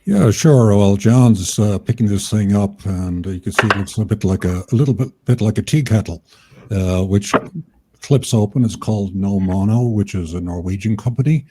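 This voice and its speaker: A man, co-host of a podcast, explaining things in a measured way with frequent fillers. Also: on the low side, noisy background. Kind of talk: casual interview chat.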